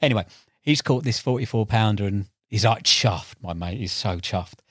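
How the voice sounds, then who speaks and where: Young bloke, podcast guest, chatty storyteller, animated, dry close mic. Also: male voice, on the low side, moderate pace, slightly rough, no echo. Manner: animated, laughs while telling stories, acts out voices. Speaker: podcast guest, tackle shop owner and angler. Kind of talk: casual storytelling chat.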